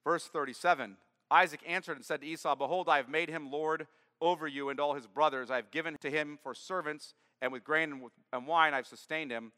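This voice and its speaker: A man's voice: a little high, steady tone, a little fast, pushed and bright, big-room sound. A man preaching a sermon, reading scripture aloud and then explaining it in plain words. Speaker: pastor. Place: church.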